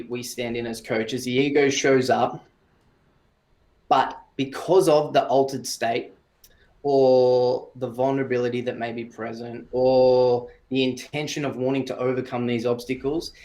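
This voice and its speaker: A man talking as a breathwork coach in a casual podcast interview, calm and explanatory, in short phrases. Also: mid-range voice, a little slow.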